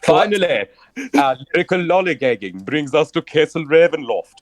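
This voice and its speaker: A vain, flamboyant romance novelist, put on by a man who swoops through a lively pitch range and savors every ornate phrase. The voice is dry and close, with no room around it, and each line sounds like a grand public reading in a tabletop game. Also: moderate pace, dry recording. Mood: pompous. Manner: grandiose, theatrical, ornate wording.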